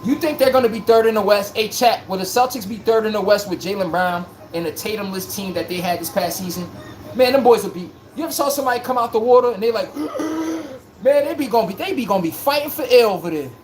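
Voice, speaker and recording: This sports podcast host has a high-pitched voice and a quick pace, with slight background noise. On his live-streamed basketball show he talks bluntly in slang, animatedly responding directly to chat.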